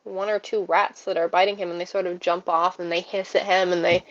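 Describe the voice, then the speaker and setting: A woman narrating a tabletop game as game master, relaxed and halting with many fillers. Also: fairly low pitch, dry recording, dull audio.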